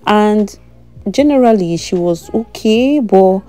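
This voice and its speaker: A woman's voice: mid-range voice, lively intonation, slow pace, dark tone, faint music behind. A young adult woman chatting casually in a voice-over about her baby's ear piercing, breaking into small laughs.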